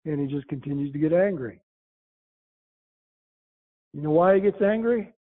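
High-voiced preacher on a tinny line. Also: male voice, animated. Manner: rises in pitch when quoting scripture, slow and emphatic. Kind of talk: sermon reading and explaining scripture. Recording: tinny phone-like sound.

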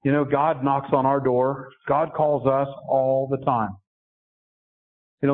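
This middle-aged man preaches earnestly, questioning his listeners, yet his mid-range voice stays flat and slow, with frequent pauses. It is recorded with a tinny, phone-like quality.

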